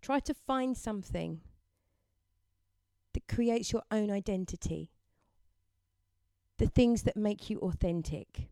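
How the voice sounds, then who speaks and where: A woman giving a gentle, encouraging mindfulness talk and leading listeners through affirmations. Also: mid-range voice, expressive, slow, long pauses, dry recording. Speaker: self-help speaker.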